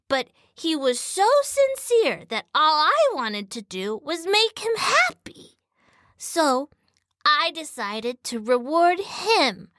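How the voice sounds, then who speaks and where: Toto speaks up, a timid little terrier girl with an old-timey 1930s lilt, as a woman puts her on, pitched well above an everyday voice and bouncing all over. She tells her own story sincerely, desperate to please. The recording sounds close and dry. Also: pushed and bright, dry recording, full character voice. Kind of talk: first-person storybook reading.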